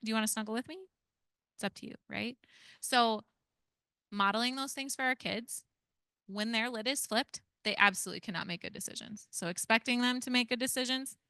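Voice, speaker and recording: A woman, a parent educator giving a lively workshop talk to foster parents and asking the audience many questions. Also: on the high side, smooth, dry recording, clean studio sound.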